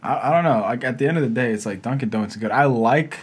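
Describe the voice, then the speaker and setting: A young man in casual chat who laughs often and mimics people in high voices. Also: quick pace, slightly rough.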